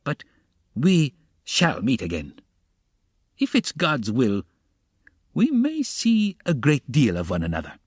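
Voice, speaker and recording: A man reading the part of an excitable, fussy middle-aged magistrate in an audiobook, insistent and wheedling. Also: medium pitch, husky, no room sound, clean studio sound, pitched above the performer's own voice, exaggerated voice. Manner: quick, insistent, wheedling, slipping to mutters.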